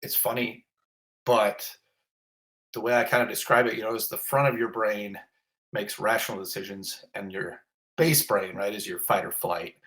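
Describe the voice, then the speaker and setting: A middle-aged man tells a story with a bright, forceful tone. He is a fire captain guest in a casual interview, lively and self-mocking, acting out the voices of people in his story. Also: fairly low pitch, moderate pace.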